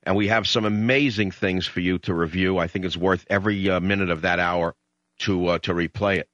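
A man with a New York accent hosting a talk radio show, emotional and combative when he gets excited. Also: sits low, a little fast, dry recording. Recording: slightly dull lo-fi radio sound.

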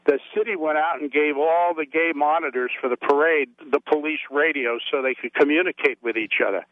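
A man's voice: a little high, brisk. A man calling into a radio talk show, a former police officer telling his story in a blunt, tough-talking way. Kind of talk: call-in storytelling. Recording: tinny phone line.

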